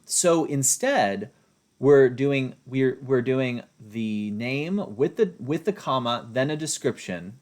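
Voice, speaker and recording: A man's voice: mid-range voice, darkish tone. A man lecturing as a writing instructor, explaining through examples and often checking in with a rhetorical "right?".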